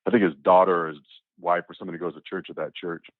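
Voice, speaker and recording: A man telling a personal story as an interview guest, animated and acting out the dialogue as he goes. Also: low-pitched, rapid-fire, dry recording. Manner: animated, acts out quoted dialogue, repeats words. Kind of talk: casual spoken storytelling. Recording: tinny, phone-like, dry.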